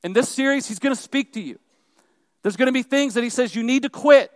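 A man's voice: very high voice, fairly quick, no echo, studio quality. A male pastor preaching a sermon, retelling a story in a conversational way with asides to the congregation.

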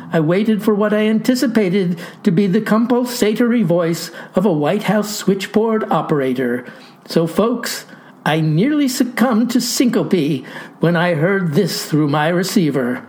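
A man's voice: high-pitched, animated, a little slow, darkish tone. A man telling a comic monologue as a pompous older farmer, in a grandiloquent, mock-formal way. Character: pompous old farmer narrating in florid speech. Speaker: storyteller.

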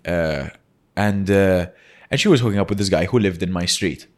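A man's voice: sits low, normal speed. A young man from Malta, a comedian guest spinning loose, rambling stories in casual podcast chat, full of "like" fillers and acted-out quotes. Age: young adult. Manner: rambling storyteller, heavy "like" fillers, acts out quotes.

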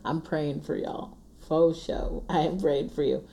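A woman's voice: low voice, steady tone, a little slow, vocal fry, mellow. A woman, hosting an earnest, encouraging faith-based monologue in a casual tone, often laughing and repeating her refrains. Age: 40s. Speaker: podcast host.

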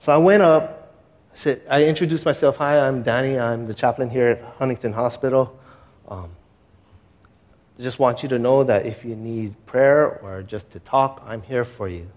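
A man speaks as a pastor, sharing a personal story in a sermon. His delivery is earnest and conversational, full of fillers and restarts, and he grows quiet and slow at the heavy moments. His voice sits at a middling pitch. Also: dull audio.

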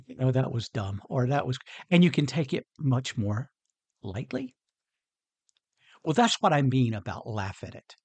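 A man's voice: medium pitch, breathy edge, no echo. A man hosting a motivational podcast on his own, talking earnestly and conversationally and chuckling often. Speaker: podcast host. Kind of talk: motivational solo podcast talk.

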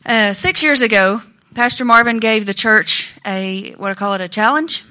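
A middle-aged woman shares a heartfelt testimony with her church in a clear, bright voice that sits a little higher than most. She tells her story with earnest, personal conviction from the front of the congregation. Her tone stays sincere and open throughout. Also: moderate pace. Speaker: church member giving testimony. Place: church sanctuary.

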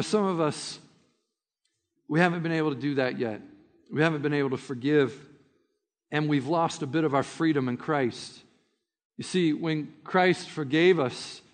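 Male pastor, storytelling sermon voice, high-pitched, hall reverb. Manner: storytelling, direct address to listeners.

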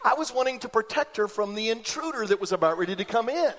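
High-voiced pastor in reverberant church. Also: male voice, quick pace. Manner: animated storyteller, acts out voices in anecdotes. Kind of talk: sermon with personal stories. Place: church sanctuary.

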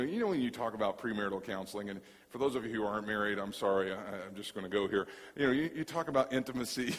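Man preaching in a reverberant hall. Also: on the high side. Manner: animated storytelling, repeats words, acts out dialogue. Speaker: pastor. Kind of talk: sermon.

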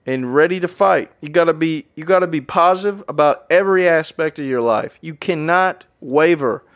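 A man hosting a motivational podcast, talking energetically and repeating phrases for emphasis while addressing his listeners as guys. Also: a little high. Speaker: podcast host. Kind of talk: motivational monologue.

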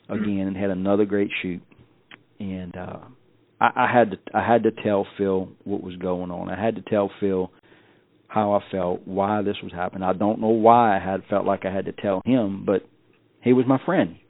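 A man's voice: low-pitched, fairly even intonation, normal speed, vocal fry, dry recording. A man guest on a podcast telling a personal story in a folksy way, often repeating and restarting his words. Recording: dry, phone-like tinny sound.

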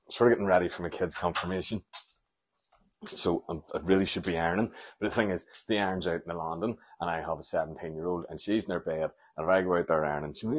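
Host in his forties, slightly low voice, loose sweary comic rambler. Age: 40s. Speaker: podcast host. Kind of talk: rambling solo podcast monologue. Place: home at night.

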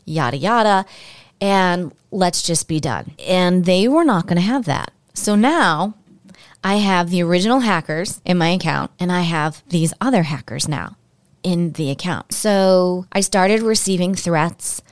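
A woman's voice: on the low side, animated, unhurried, dry recording. Candid, chatty woman podcast host. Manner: candid, emotional, chatty with listeners. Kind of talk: personal storytelling monologue.

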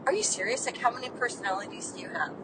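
A woman's voice: expressive, very fast, recorded from a distance. A woman podcast host chatting and teasing on a road trip, laughing often, recorded inside a moving car. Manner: giggly, teasing. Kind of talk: casual chat on a road trip. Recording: road noise, voice off-mic. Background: engine and road rumble.

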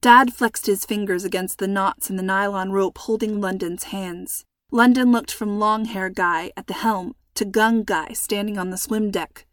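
A woman reading a scripted children's storybook in a measured, suspenseful manner, close to the mic. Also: mid-range voice, fairly even intonation, dry recording. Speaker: narrator.

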